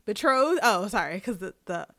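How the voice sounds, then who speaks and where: A woman's voice: medium pitch, moderate pace, no room sound. Chatty woman podcast host, dry sound. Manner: chatty, animated retelling with slang. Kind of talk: casual episode recap.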